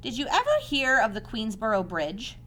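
A woman reading aloud and voicing a wise, kind female spider who explains things patiently and teases gently. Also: on the high side, expressive, normal speed. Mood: gentle.

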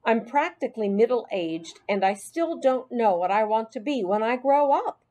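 A woman's voice: on the high side, animated, moderate pace, a little mellow, lo-fi sound, close to an everyday voice. A woman voicing a friendly, self-doubting middle-aged male custodian in an audiobook. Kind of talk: audiobook character voice.

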